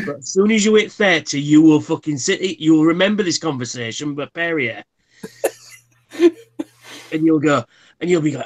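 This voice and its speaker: Bloke, 30s, streamer host, slightly high voice, swears a lot, rambles. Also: male voice, normal speed, fairly bright tone. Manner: swears freely, rambling anecdotes. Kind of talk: casual chat.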